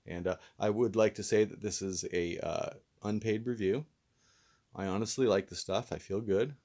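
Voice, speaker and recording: A man's voice: on the low side, steady tone, normal speed, a little mellow. A man hosting a casual vlog review who talks in a rambling, laid-back, self-deprecating way while mildly stoned. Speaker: host and reviewer.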